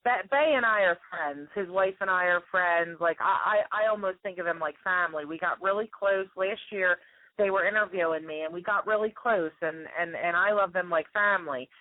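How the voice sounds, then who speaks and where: A woman's voice: lowish voice, dry recording. A woman, a former contestant calling in as a surprise guest, chatting in a bubbly, gushing way. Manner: gushing, bubbly, fast-talking. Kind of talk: casual phone chat. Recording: tinny phone line.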